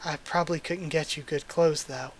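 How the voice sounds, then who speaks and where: A man's voice: fairly high pitch, fairly even intonation, moderate pace, a little hiss or hum, natural voice. A man voicing a tall, shy young male wolf as he reads a manga aloud, earnest and awkward, in his own everyday voice.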